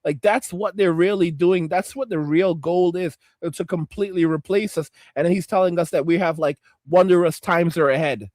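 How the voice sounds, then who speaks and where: A man hosting a casual livestream, reading chat comments and reacting, cursing and repeating himself, with frequent throat clearing. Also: sits high, moderate pace, hardly any pauses, darkish tone, no room sound, clean studio sound.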